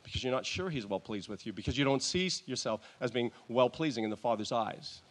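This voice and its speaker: In an expressive, medium-pitched voice, a pastor preaches his sermon in church. He keeps it conversational yet halting, with frequent restarts and gentle chuckles.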